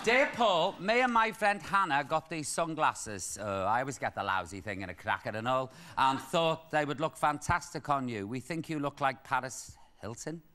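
A man in his fifties with a Liverpool accent, hosting a chat show and camping it up with quick asides and jokes at his own expense. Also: mid-range voice. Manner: camp, quick asides, laughing at himself. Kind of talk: camp comic chat to a studio audience. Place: TV studio with live audience. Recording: studio noise with a loud audience.

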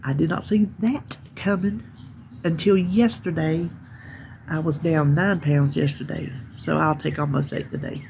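Sitting outside on her porch, this Southern American woman in middle age talks casually to her phone camera as a weight-loss vlogger, laughing a lot while she tells stories. She has a low, darkish voice with vocal fry, a steady tone and measured pace, plus a bit of hiss or hum.

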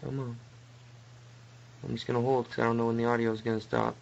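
A young man doing live commentary on a game he is playing, mostly muttering, then breaking into frustrated yells. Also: mid-range voice, little pitch movement, quick pace, creaky, highs cut off, slight background noise. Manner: swings from muttering to frustrated yelling. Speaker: let's play gamer.

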